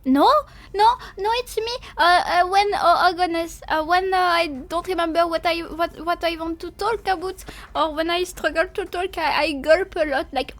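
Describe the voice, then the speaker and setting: A woman's voice: very high-pitched, fairly even intonation, normal speed, few pauses. A woman streamer in casual live chat, giggly and apologetic, hesitant with many fillers, talking while she eats and drinks. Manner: talks while eating and drinking.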